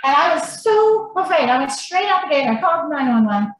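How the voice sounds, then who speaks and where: A woman on a podcast telling a story in an animated, blunt manner and swearing freely. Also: sits high, brisk. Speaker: podcast guest. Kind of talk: casual storytelling. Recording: very echoey room, faint noise.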